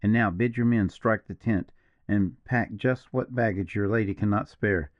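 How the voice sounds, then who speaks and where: A man voicing a grave, brooding partisan officer in an audiobook, speaking slowly and in a measured, mournful way. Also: fairly low pitch, no echo, lo-fi sound, natural voice. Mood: commanding. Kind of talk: audiobook character reading.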